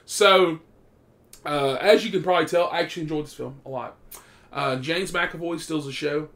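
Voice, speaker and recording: A man giving a casual, profane movie review, excitable and animated, with loud bursts when he gets worked up. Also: on the high side, moderate pace.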